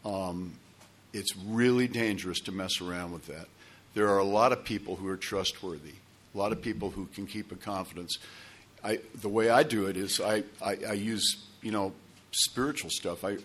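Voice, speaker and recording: A man's voice: sits low, pushed and bright, husky. A man telling a long personal story to a recovery group, rambling with restarts and asides. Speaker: speaker sharing at a recovery meeting.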